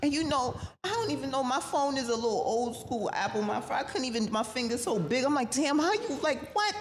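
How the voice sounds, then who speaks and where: With a high voice and a quick pace, a woman guest on a podcast tells a personal story in a casual, slangy, profane way. She's animated and acts out the voices of the people involved. The recording has a reverberant room and faint noise.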